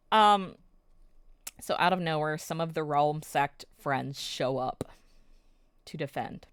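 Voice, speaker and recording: Woman, casual drama recap, emotional storyteller, lowish voice, dry close sound. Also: moderate pace, gravelly, dry recording. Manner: emotional, animated storytelling with frequent fillers.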